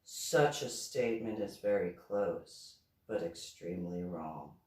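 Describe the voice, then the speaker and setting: A woman voicing a sly, teasing female professor in a slow, drawn-out, theatrical way. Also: medium pitch, very animated, darkish tone, voice pushed up. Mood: hushed. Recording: echoey room, far from mic.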